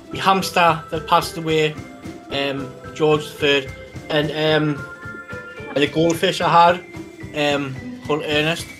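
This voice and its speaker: A man who is a guest on a comic podcast, giving silly answers in a deadpan, rambling way. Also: fairly high pitch.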